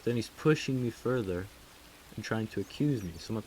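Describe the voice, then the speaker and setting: Deep-voiced man rambling through a story. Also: fairly quick, a little mellow, a little hiss or hum, rough recording. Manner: rambling, lots of filler words. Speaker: gaming video creator. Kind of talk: casual storytelling over gameplay. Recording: music and rain behind voice.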